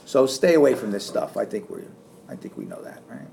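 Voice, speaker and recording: A middle-aged man giving a classroom lecture, animated and acting out sarcastic lines as examples. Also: on the low side, brisk, gravelly. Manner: animated, acts out sarcastic quotes. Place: lecture room.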